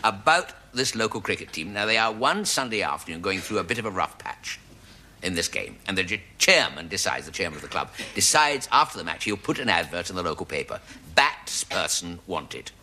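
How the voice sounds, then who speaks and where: A man's voice: low voice, very animated, a little fast, sharp tone, a little hiss or hum. A male comedian telling a long, rambling joke with dry asides. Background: studio audience laughter.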